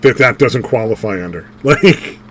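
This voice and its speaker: Male podcast co-host, swearing and animated, light background hiss. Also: mid-range voice, normal speed. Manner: animated, swearing, laughing at own jokes. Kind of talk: casual profane chat.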